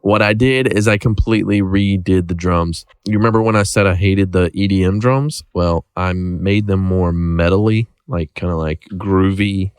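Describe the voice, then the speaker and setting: A man's voice: deep voice, normal speed, hardly any pauses, clean tone, dry recording, clean studio sound. A man casually talking through his music production work, joking and thinking aloud as he goes. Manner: relaxed, joking, thinks aloud while working. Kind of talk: casual screen-recorded tutorial chat.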